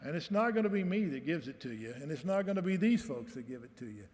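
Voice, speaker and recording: A commencement speaker with a high-side voice and quick pace reads aloud at the podium mic from a large hall's stage, the sound echoing around him. His folksy storytelling is animated, with quotes given their own voices.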